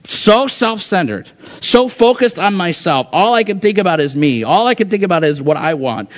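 A man's voice: sits high, expressive, moderate pace. Man preaching conversationally, lo-fi sound. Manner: conversational preaching, acts out voices of the text. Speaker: pastor. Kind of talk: sermon. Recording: dull lo-fi sound.

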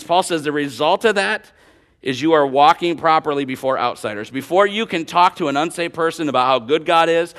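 A man's voice: fairly high pitch, fairly quick, a bit bright, clear, resonant tone. Man preaching through a personal story. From Northern Illinois. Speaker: pastor.

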